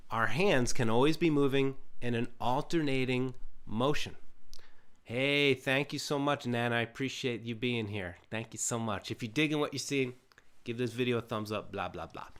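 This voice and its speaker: A man teaching a live ukulele lesson in a calm, encouraging, gently meditative way. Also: mid-range voice. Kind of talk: live-streamed music lesson.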